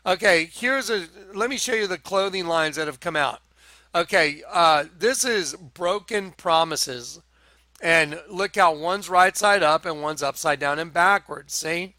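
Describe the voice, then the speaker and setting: A man preaching an online show-and-tell monologue, talking slowly and emphatically, repeating phrases and calling his viewers folks. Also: fairly high pitch, bright, forceful tone, no room sound. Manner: repetitive, insistent, addresses viewers as folks.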